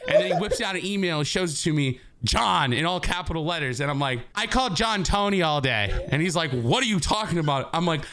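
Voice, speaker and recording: A man co-hosting a podcast, telling a story in casual chat, animated and laughing as he acts out what people said. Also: a little high, fast, few pauses. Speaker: podcast co-host.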